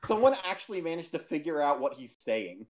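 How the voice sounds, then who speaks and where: A co-host chatting and telling stories casually on a stream, animated and quick to laugh. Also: mid-range voice. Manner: animated storyteller, laughs easily.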